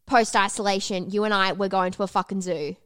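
A woman's voice: steady tone, a little fast, a bit bright, clear, resonant tone, dry recording. Brash, swearing woman podcaster. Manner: brash, swears freely, theatrical jumps in pitch. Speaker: podcast co-host. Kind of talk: casual chat.

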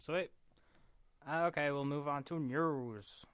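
A man co-hosting a podcast in casual chat, brisk and laughing along. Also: a little high, a bit bright, clean tone, no room sound. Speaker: podcast co-host.

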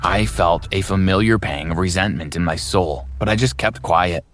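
A man narrating his own story in an earnest, plain first-person voice for an animated story. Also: sits low, moderate pace, soft background music.

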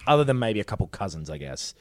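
A man's voice: fairly low pitch, big pitch swings, quick pace, dry recording, clean studio sound. A man chatting casually on a podcast, recapping a TV episode in a rambling way, swearing now and then and acting out quotes. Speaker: podcast co-host.

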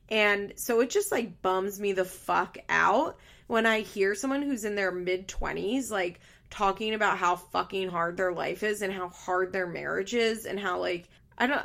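A woman's voice: mid-range voice, normal speed, vocal fry, fairly bright tone. A woman giving casual, blunt commentary on a reality show, swearing often and sharing her opinions.

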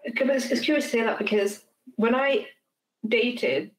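Woman, podcast host, casual chat, animated storyteller, slightly high pitch. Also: unhurried, low-quality recording. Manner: animated storyteller, laughs often.

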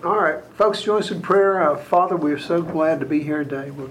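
A man's voice: on the high side, fairly quick, a little hiss or hum, poor audio. A man in a Bible study group sharing thoughts in a hesitant way, with many fillers. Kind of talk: casual Bible discussion.

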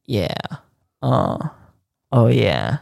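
A podcast co-host on a headset mic making absurd deadpan jokes and trailing off mid-thought. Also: mid-range voice, extremely slow, creaky, noisy background. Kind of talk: casual banter. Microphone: headset mic, often off it.

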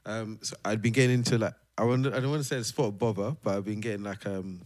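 Chill low-voiced guy co-hosting a podcast, easygoing, passes the talk to the others. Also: steady tone, fast talker, a little mellow, no echo. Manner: laid-back, hands topics to the others. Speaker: podcast co-host. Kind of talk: casual chat.

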